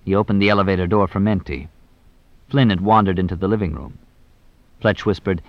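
Guy reading a story aloud, plain steady narration, close dry sound. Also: low voice, a little fast, no room sound, lo-fi sound. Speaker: audiobook narrator. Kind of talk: scripted narration.

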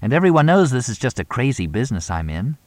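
A man voicing a glamorous female film star, brisk and put-upon. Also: medium pitch, sing-song, no room sound, voice pushed up, lightly acted. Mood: exasperated.

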